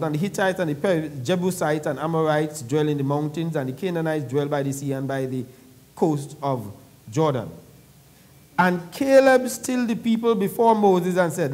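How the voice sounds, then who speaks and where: A man's voice: a little high, expressive, normal speed. A man preaching a sermon in church, reading scripture aloud and explaining it in a conversational way, with questions to the congregation.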